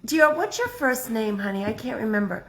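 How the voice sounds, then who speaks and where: A woman hosting a casual live craft stream, chatty and excitable, thinking out loud as she works. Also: on the high side, normal speed, echoey room, slight background noise. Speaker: craft livestream host.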